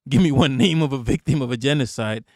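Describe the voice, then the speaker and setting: A livestream host goes on a casual political rant, a little fast, his mid-range voice darkish in tone. He's profane and mocking, repeats himself, and laughs frequently, and the recording is dry and studio quality.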